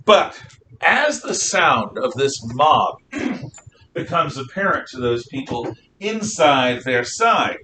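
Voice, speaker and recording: A man teaching a history class, telling the story in an animated, storytelling way and often clearing his throat. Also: fairly high pitch. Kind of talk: classroom lecture. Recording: distant mic with faint noise.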